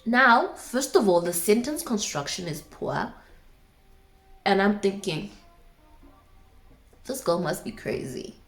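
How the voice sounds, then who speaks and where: A woman's voice: mid-range voice, sing-song, slow, long pauses, a bit bright, soft background music. A young woman in her twenties with a South African accent, casually telling a dramatic personal story to her viewers with asides. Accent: South African English.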